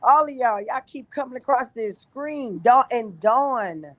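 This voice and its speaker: A woman's voice: a little high, lively intonation, fairly bright tone, no room sound. Earnest woman in her fifties, dry sound. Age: 50s. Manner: earnest, halting, with frequent pauses. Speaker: church member giving testimony. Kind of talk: emotional personal testimony. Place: livestreamed church gathering.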